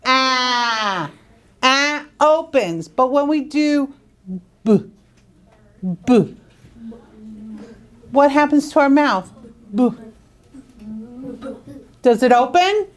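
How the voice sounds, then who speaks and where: A woman teaching young students phonics in a school classroom, drawing words out slowly and asking coaxing questions. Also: high-pitched, animated. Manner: slow, drawn-out, coaxing questions.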